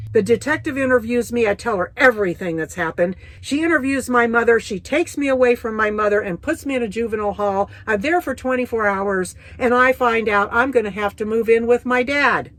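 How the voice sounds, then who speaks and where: A woman's voice: fairly high pitch, fairly quick, few pauses, dry recording. A middle-aged woman from the United States telling her personal testimony in a vivid, folksy, blunt way. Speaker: Christian testimony speaker.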